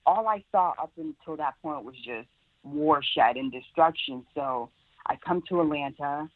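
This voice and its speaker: A woman's voice: low voice, a little slow, no room sound. A young woman in her twenties from Sierra Leone recounts her past to an interviewer, earnest and leaning on "like" and "really". Her voice comes through a thin, phone-like line. The sound is dry and close. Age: 20s. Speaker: guest. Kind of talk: personal storytelling interview.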